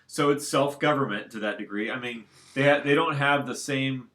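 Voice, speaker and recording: Alone at home, a man rambles through a casual, unscripted monologue as a solo commentator, circling back to his points. His voice sits in the mid range, a bit bright, at normal speed.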